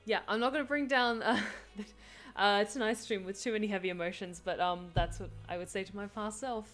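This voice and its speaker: A woman's voice: mid-range voice, fairly even intonation, brisk, a bit bright, faint music behind. A woman chatting casually on a live stream, answering viewer questions with lots of fillers and laughter.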